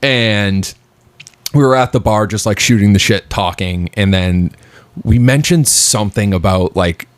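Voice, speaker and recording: A man's voice: lowish voice, a little slow, dry recording. A man co-hosting a podcast from his home basement, chatting casually and rambling with lots of fillers. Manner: rambling, filler-heavy storytelling. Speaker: podcast co-host. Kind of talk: casual chat.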